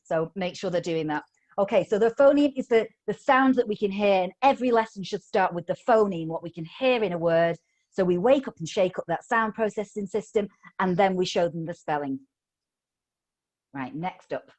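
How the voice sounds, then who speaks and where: A woman's voice: medium pitch, lively intonation, moderate pace, a little mellow. Woman, middle-aged, upbeat teacher trainer, playful, video call audio. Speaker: phonics trainer. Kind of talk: live online teacher training.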